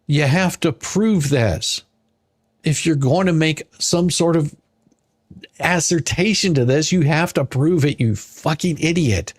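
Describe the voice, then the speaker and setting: Exasperated male commentator, slow and husky, dry close sound, sarcastic rant. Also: on the high side, no room sound. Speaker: commentator reading a court filing. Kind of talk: ranting commentary.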